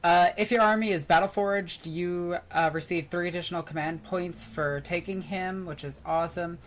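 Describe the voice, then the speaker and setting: A woman with a New York accent speaks in a notably low voice, blunt and casual. She reads out details in an offhand manner as a podcast co-host. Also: fairly even intonation, moderate pace, a little hiss or hum. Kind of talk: casual chat.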